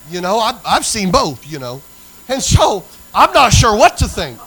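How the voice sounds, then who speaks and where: A man's voice: high voice, sing-song, moderate pace, fairly bright tone, husky, rough recording. A man preaching a sermon as pastor, folksy and emphatic as he tells a story. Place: church sanctuary.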